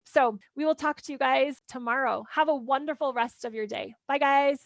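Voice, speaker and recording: A woman's voice: sits high, gravelly, no room sound. A woman hosting a parenting workshop and answering listener questions in an earnest, encouraging way. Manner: earnest and encouraging, quick run-on phrasing with "like". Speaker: parenting coach and podcast host.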